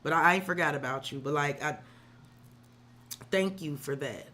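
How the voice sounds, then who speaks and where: A bright, forceful tone comes through this woman's low voice at a moderate pace, with a little hiss or hum in the audio. Reading tarot on a live stream, she swears freely, shares her feelings openly, and speaks directly to viewers as "sis" and "girl."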